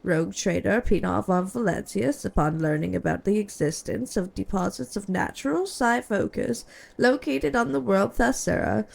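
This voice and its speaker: A woman reading aloud the lines of a prim, cold female imperial bureaucrat in a formal, measured, coolly polite voice. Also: mid-range voice, creaky. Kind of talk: reading game dialogue aloud.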